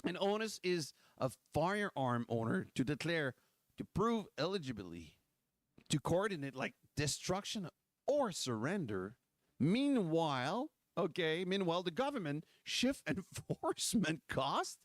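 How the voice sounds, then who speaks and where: Male host, impassioned rant, higher voice, dry close sound. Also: big pitch swings, unhurried, no echo. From Quebec. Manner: fiery, repetitive, full of rhetorical questions. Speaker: political livestream host.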